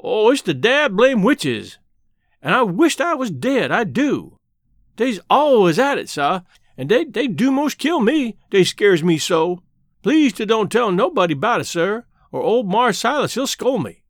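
A man's voice: high-pitched, very animated, measured pace, no echo, studio quality, heavily acted. A man doing a frightened, pleading old slave man. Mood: fearful pleading. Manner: whining, pleading, drawling dialect.

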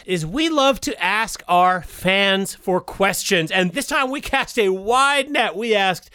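Man, comedy podcast co-host, animated, bright, crisp, dry sound. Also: sits high, takes it slowly, no room sound. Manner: jumps between silly put-on voices and mock drama. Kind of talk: improvised comedy banter.

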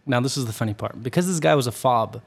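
A man on a podcast spins a long anecdote in a loose, rambling way, restarting his sentences and laughing as he goes. His voice sits at an ordinary middle pitch. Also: fast talker, creaky, breathy edge. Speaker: podcast host telling a story. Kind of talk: casual storytelling chat.

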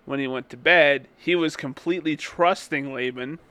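A man's voice: on the high side, normal speed, sharp tone, clear, resonant tone, no echo. A man in a casual Bible study, explaining the story and reading verses aloud.

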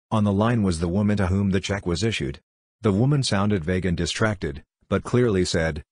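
Low husky guy narrating ghost stories, dry close mic, steady delivery. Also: dry recording. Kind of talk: reading ghost stories aloud.

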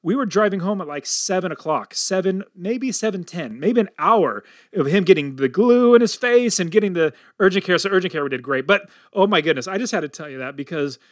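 High-voiced energetic man hosting a podcast. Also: a little fast, few pauses, dry recording, clean studio sound. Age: middle-aged. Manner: energetic and upbeat, tells stories animatedly. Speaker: podcast host. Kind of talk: casual podcast storytelling.

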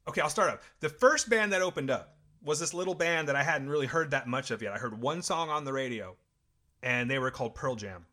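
A middle-aged man talking casually and telling a story with real enthusiasm. His pitch rises and falls a lot. His voice is bright and clear, and he rambles from one point to the next. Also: expressive, brisk. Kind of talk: casual chat.

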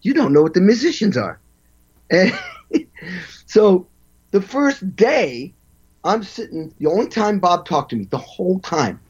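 Animated male drummer telling stories. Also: on the high side, slightly rough, muffled recording. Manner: animated, acts out quotes and vocalizes drum parts. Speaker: guest, session drummer. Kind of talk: storytelling interview.

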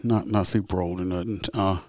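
Deep-voiced guy, traffic cop with a podcast, rambly and blunt, dry close sound. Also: steady tone, fairly quick, a little mellow, dry recording. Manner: rambling, blunt, occasional swearing. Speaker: podcast host and traffic officer. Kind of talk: casual storytelling monologue.

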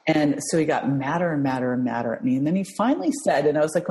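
Animated woman telling a family story. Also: low-pitched, fast talker, hardly any pauses, in a large hall, poor audio. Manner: animated, acts out quoted voices, laughs often. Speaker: guest, mother. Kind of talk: emotional storytelling in conversation.

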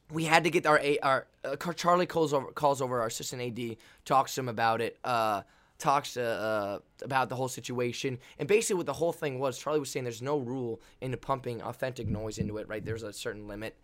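A young man hosting a podcast, telling a story in an animated, excitable way with many restarts. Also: medium pitch, a little fast. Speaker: volleyball player and podcast host. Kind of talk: casual storytelling.

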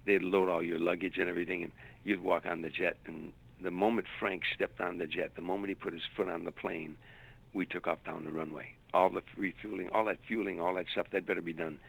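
A man's voice: sits low, steady tone, a little fast, vocal fry, fairly bright tone, slightly rough, poor audio. An older man, a stand-up comedian, telling long anecdotes in an interview, repeating words as he searches for them. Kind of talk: storytelling interview.

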